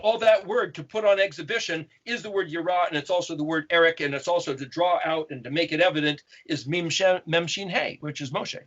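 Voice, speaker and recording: A man with a high voice answers viewer questions in a loose, explanatory way, often repeating and restarting his phrases. The recording is dull and lo-fi. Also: brisk, hardly any pauses, a bit bright. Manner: expounds on Hebrew letters, repeats and restarts phrases. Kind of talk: casual explanatory talk.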